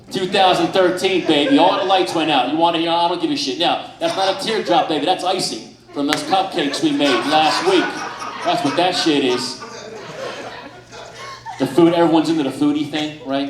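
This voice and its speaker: A man's voice: medium pitch, distant mic. Male stand-up comic, profane ranting delivery, mid-range voice, roomy live club audio. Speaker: stand-up comedian. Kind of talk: stand-up comedy set. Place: comedy club stage before a laughing audience.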